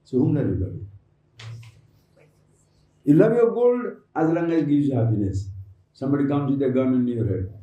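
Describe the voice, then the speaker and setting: A man's voice: mid-range voice, lively intonation, normal speed, pauses often, highs cut off. A man giving a spiritual discourse to a camp audience, teasing his listeners with rhetorical questions and acting out their replies. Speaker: spiritual teacher. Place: large hall at an ashram. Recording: echoey hall, voice from a distant mic.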